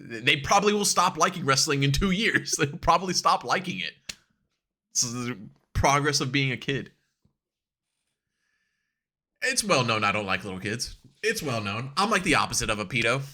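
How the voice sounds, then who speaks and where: A man's voice: mid-range voice, lively intonation, a little fast, sharp tone. A young man co-hosting a podcast, ranting in casual chat, swearing often and laughing a lot. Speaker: podcast co-host.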